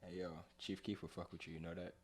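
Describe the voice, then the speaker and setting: A man's voice: low voice, little pitch movement, fast, noisy background. A young man co-hosting a podcast, casual and teasing, laughing often and swearing freely. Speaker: podcast co-host. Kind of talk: casual banter.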